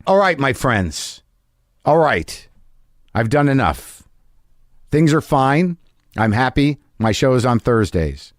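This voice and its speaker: A man's voice: mid-range voice, big pitch swings, takes it slowly, pauses often, dry recording, studio quality. A man hosting a podcast, musing in a rambling, self-deprecating way and chatting casually with a guest. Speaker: podcast host. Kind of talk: casual chat.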